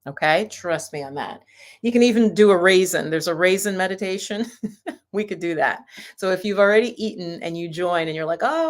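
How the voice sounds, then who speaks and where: A woman yoga and meditation teacher talking casually and reassuringly to viewers of a livestream. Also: lowish voice. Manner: chatty, reassuring, sometimes laughing.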